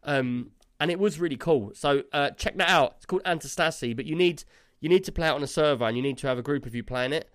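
A man's voice: a little high, fast, fairly bright tone, dry recording, studio quality. A man, co-hosting a casual gaming podcast and telling a long, rambling story full of fillers. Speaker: podcast co-host.

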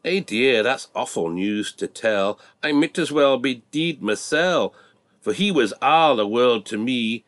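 A man's voice: fairly low pitch, expressive, a little slow, few pauses, no room sound. A Scottish man voicing a young bull mourning in recited dialect verse, raised and lamenting. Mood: grieving. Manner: lamenting, plain-spoken. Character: grieving young male show bull.

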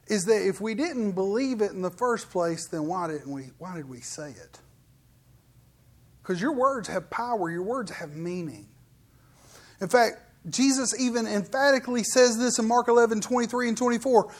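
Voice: medium pitch, lively intonation, unhurried, long pauses. A pastor preaching a weekly sermon in an emphatic way, mixing scripture with casual asides to the congregation.

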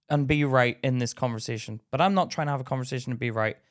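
A podcast co-host speaks quickly in a medium-pitched voice, telling a story in casual chat. He's animated and acts out the other people's voices in his anecdote.

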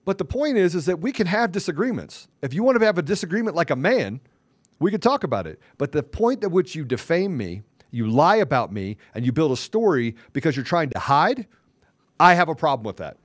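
Combative high-voiced man ranting. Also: big pitch swings, fairly quick, no echo, studio quality. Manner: combative, confrontational, taunting; curses mildly, repeats phrases for emphasis. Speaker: podcast host. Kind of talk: heated podcast rant.

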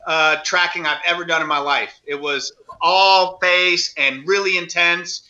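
Brief: animated male actor guest, bright tense tone, slightly higher pitch, muffled lo-fi sound. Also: unhurried. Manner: animated, acts out quoted voices, many restarts. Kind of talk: casual storytelling interview.

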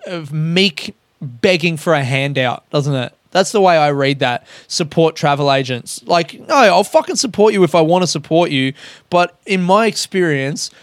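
A man's voice: a little high, no room sound. A young man ranting casually in a podcast monologue, blunt and full of swearing but aware he is being harsh. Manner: profane, blunt, self-aware.

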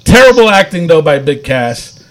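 A man's voice: fairly high pitch, sing-song, normal speed. A man casually recapping wrestling episodes on a podcast, rambling with lots of fillers and frequent laughs. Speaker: podcast co-host.

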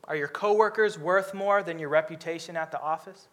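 A man preaching a sermon, lively and humorous, acting out characters with comic voices. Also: on the high side, fairly quick.

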